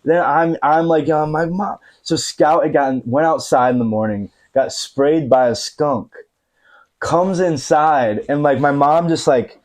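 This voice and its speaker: A man's voice: fairly high pitch, measured pace, a little mellow. A man in his thirties, a podcast guest telling a funny anecdote in casual chat, laughing often and using many fillers, recorded in a living room. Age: 30s. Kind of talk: casual storytelling.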